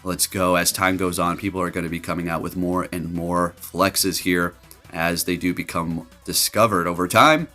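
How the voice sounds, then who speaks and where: A man giving casual, jokey commentary over his gameplay, getting loud and excited and laughing at his own jokes. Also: low voice, moderate pace, soft background music. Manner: animated, jokey, excitable, trash-talking. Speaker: gaming commentator.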